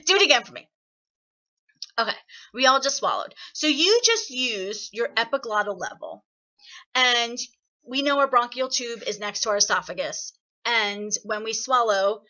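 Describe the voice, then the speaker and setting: A woman leading an online singing workshop, chatty and encouraging, explaining with lively examples over a video call. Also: on the high side, normal speed, lo-fi sound. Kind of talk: online voice lesson.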